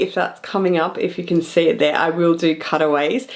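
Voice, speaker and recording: A woman in her thirties chatting casually to camera, showing off purchases with excited, drawn-out emphasis. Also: lowish voice. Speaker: fashion vlogger. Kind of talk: casual haul chat to camera.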